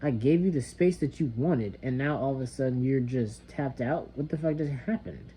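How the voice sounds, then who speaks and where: A young man vents in a casual, rambling monologue, frustrated, swearing often and trailing off into mutters. His voice is medium-pitched and dark-toned at a normal speed. The lo-fi recording is slightly dull, with faint background noise.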